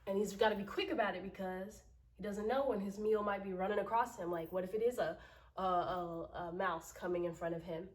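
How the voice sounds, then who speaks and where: A woman teaching children an acting lesson, explaining slowly and patiently and often asking "right?". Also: medium pitch, fairly even intonation. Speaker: drama teacher. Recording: roomy echo, from mic distance.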